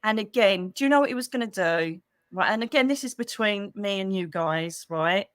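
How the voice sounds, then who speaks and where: A middle-aged woman with a British accent, a psychic medium hosting a casual livestream for members, chatty and animated with quick asides, speaking into a computer mic. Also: mid-range voice, clear, resonant tone, dry recording, studio quality. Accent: British English. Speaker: psychic medium and channel host.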